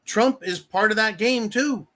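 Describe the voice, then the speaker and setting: A man's voice: high-pitched, a little slow, fairly bright tone. A man from the United States hosting a live show, ranting bluntly and profanely in a rambling, casual way. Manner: reads viewer messages aloud. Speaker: livestream show host. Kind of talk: casual livestream rant.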